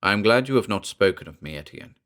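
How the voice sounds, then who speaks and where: Old talking cat dad, stately and grave, low voice, a narrator puts him on. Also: male voice, animated, fast, a bit bright. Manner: grave, formal, commanding. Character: old, large talking male cat, proud and dignified father.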